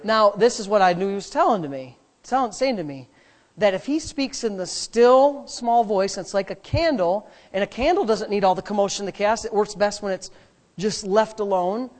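Pastor preaching a sermon, building emphasis. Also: male voice, high-pitched, normal speed. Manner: preaching with rising emphatic repetition.

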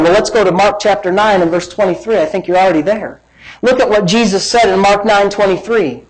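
A man preaching a sermon as pastor, building to emphatic shouts and joking asides. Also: sits high, a little fast, rough recording.

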